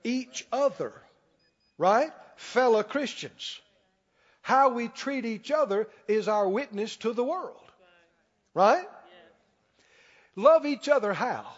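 A man preaching a sermon as pastor, emphatic, slowing down and rising on key lines. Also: very high-pitched, animated. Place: church sanctuary. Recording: dull sound with long hall reverb.

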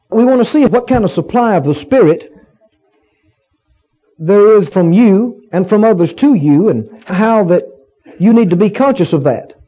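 Brief: male pastor preaching with a high, mellow voice, folksy and emphatic, on a muffled recording. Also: husky. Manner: folksy, emphatic, repeats phrases. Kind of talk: sermon. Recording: dull lo-fi recording.

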